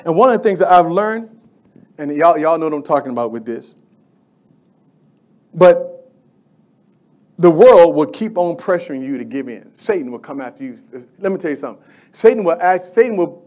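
A man's voice: on the high side, darkish tone. A middle-aged male pastor preaching a sermon in a fervent, conversational way, repeating phrases and calling out to the church.

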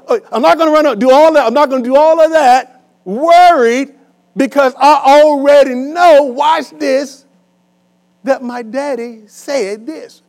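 High-voiced preacher man, animated. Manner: animated call-and-response preaching, swinging loud and soft. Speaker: pastor. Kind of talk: sermon. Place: church hall with a congregation.

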